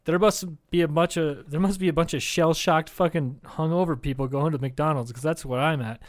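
A man co-hosting a comedy podcast in loose, casual chat, somewhat higher-pitched than most men. He rambles and swears freely, padding his sentences with "dude" and "like.". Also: steady tone, a little fast. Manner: rambling, profane, keeps saying dude. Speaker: podcast co-host.

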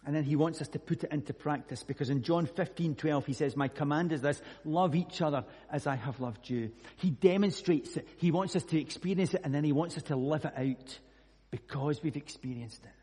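Scottish guy preaching, a bit high, husky, long hall echo. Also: a little fast, warm tone. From Scotland. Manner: earnest storytelling with scripture readings. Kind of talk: sermon.

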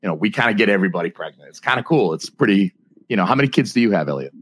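This thirties-aged podcast host speaks in a lowish, husky voice with a fairly bright tone, delivering crude livestream banter in an expressive, rapid-fire rush. There's no echo, and his jokes ramble along with frequent restarts.

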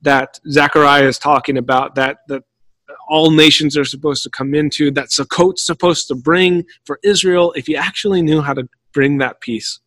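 A man preaching a teaching sermon in an earnest way, often restarting his sentences and slowing down for quoted scripture. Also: a little high, fairly even intonation, a bit bright, no echo. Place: room at home.

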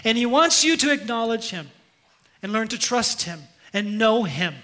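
A man's voice: high-pitched, sing-song, normal speed, pushed and bright. A man preaching a sermon as pastor, earnest and emphatic, leading the congregation in call-and-response in a church.

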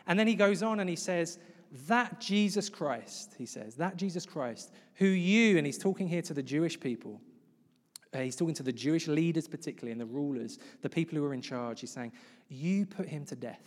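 A man's voice: a little high, animated, quick pace, darkish tone. Man preaching in a reverberant church. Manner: conversational, acts out quoted voices. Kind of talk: sermon. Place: church hall.

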